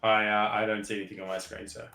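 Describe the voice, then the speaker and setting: A man's voice: on the low side, completely flat delivery, fast, pushed and bright, echoey room, faint music behind. A man with an Australian accent, a joking player in a tabletop game. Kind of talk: casual chat at a tabletop game.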